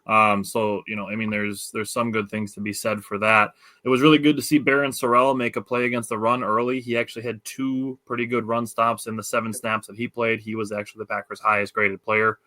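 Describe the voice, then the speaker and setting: A man's voice: lowish voice, little pitch movement, a little fast, sharp tone, no echo. A man with a Wisconsin accent hosting a casual sports podcast, talking loosely with lots of fillers. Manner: loose, filler-heavy, enthusiastic. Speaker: podcast host.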